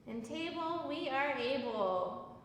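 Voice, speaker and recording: A woman leading a kids yoga class in a studio, giving gentle, playful sing-song cues. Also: high-pitched, lively intonation, slow pace, a little hiss or hum. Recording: very echoey room with long reverb.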